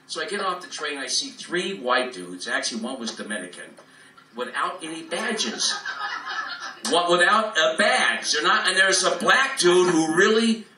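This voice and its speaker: A man works a live room in a profane, rambling stand-up rant, jumping between tangents as he ad-libs. His voice is sharp and tense. It sounds distant and roomy, with a faint hum of the room behind him. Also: fairly high pitch, big pitch swings, moderate pace. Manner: profane, rambling free-form ad-lib rant. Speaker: stand-up comedian. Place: club room, live in front of an audience.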